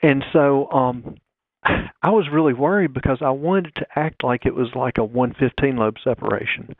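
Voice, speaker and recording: A man's voice: mid-range voice, normal speed, dry recording. A man calling in as a guest engineer, explaining technical details step by step in a phone interview. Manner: explanatory, talks through figures step by step. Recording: dry tinny phone line.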